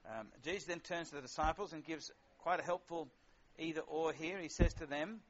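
A man's voice: fairly high pitch, brisk, hardly any pauses. Middle-aged male preacher, casual wry sermon delivery with fillers, dull lo-fi sound. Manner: conversational, wry, with frequent fillers.

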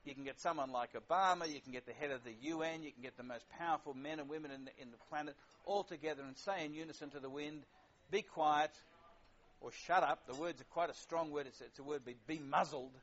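Man preaching, slightly high voice. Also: fast talker, hardly any pauses, fairly bright tone. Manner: conversational, wry, with frequent fillers. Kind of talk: sermon. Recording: lo-fi dull sound.

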